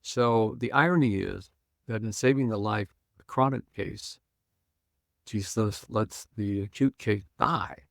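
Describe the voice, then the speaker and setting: Older guy pastor telling the story, low gravelly voice, acts out the lines, dry close sound. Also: a little slow, no echo. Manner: retells scenes acting out quoted lines, chuckling. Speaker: guest Bible scholar and pastor. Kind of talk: animated storytelling on a podcast.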